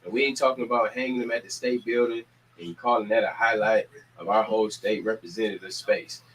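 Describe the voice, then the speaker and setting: Energetic man rallying his community. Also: fairly low pitch, brisk, low-quality recording. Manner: preacher-like repetition, energetic calls to action. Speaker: community organizer and show host. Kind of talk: casual community announcements.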